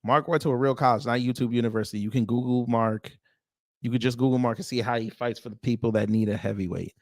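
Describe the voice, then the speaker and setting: A man's voice: medium pitch, steady tone, quick pace, darkish tone, no echo. Man drawling wry reaction commentary. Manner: wry, drawling asides between read-out comments. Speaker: reaction video host.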